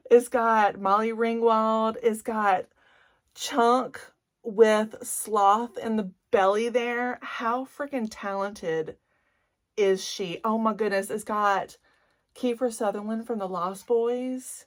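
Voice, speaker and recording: A woman in her forties speaks with a Cajun Louisiana accent in a candid vlog. Her voice sits in a middle pitch and her talk is slow and drawn out. She is chatty and gushes openly, her feelings close to the surface. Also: steady tone. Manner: chatty, gushing, emotional. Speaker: beauty vlogger.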